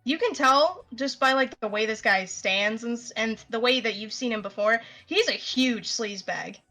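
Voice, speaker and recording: A young woman narrating as game master of a tabletop game, halting, with many fillers. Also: fairly high pitch, sharp tone, faint music behind.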